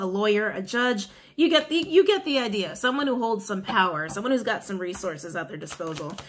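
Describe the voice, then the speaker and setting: A woman's voice: fairly high pitch, a bit bright. A woman giving a casual, chatty tarot reading to viewers, often repeating her questions to the cards. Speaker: tarot reader.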